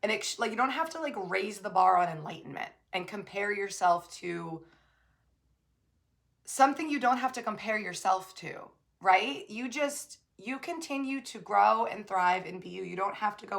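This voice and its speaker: Bright, chatty woman giving a pep talk. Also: medium pitch, animated, normal speed, vocal fry. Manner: chatty and emphatic, calls the listener babe and my love; many fillers and tag questions, swinging between loud bursts and soft asides. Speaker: spiritual coach and reader. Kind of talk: casual motivational talk to camera.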